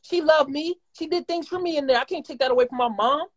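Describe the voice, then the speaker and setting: A man in his twenties talking heatedly and rapidly as a guest in a live conversation, swearing often and rambling. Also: extremely high pitch, a bit bright. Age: 20s. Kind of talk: emotional live-stream conversation.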